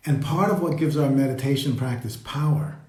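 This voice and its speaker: A man leading a live meditation talk, speaking slowly and reflectively and greeting viewers as they join. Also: medium pitch, mellow. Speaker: meditation teacher. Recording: roomy echo.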